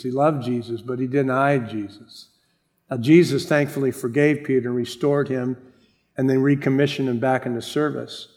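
A middle-aged man preaching a sermon as pastor, animated, acting out the people he quotes. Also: a little high.

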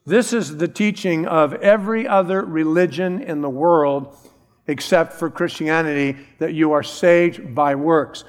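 A man's voice: on the high side, measured pace, clear, resonant tone, in a large hall. A middle-aged man preaching a sermon as a pastor, emphatic and repeating key phrases.

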